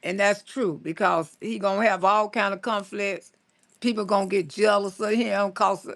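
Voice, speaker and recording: A woman's voice: mid-range voice, steady tone, normal speed, creaky, fairly bright tone. A woman in her sixties, a comedian chatting casually on a live stream, blunt and salty, who laughs often as she tells stories and scolds. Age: 60s. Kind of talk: casual live-stream chat reading viewer comments.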